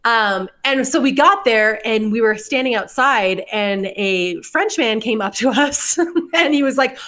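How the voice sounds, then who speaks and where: A woman's voice: a little high, animated, unhurried, few pauses, a bit bright. A young adult woman hosting a podcast, telling a story in casual chat, full of likes and laughs. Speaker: podcast host.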